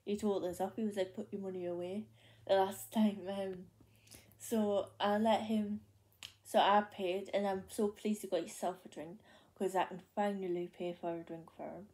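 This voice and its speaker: A woman's voice: mid-range voice, little pitch movement, moderate pace, a little mellow. A young woman with a Geordie accent telling a story to the camera in casual vlog chat, rambling with lots of fillers and restarts. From North East England. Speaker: vlogger.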